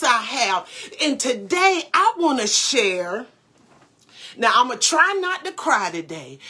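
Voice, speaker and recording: High, lively motivational woman host. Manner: energetic, greets viewers by name, repeats phrases for emphasis. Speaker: motivational speaker and show host. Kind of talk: live motivational morning show.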